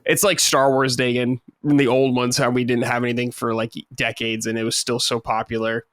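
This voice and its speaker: A man's voice: mid-range voice, monotone, a little fast, a bit bright, no echo, clean studio sound. A young man co-hosting a podcast, joking around loosely in casual chat and swearing now and then. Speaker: podcast co-host.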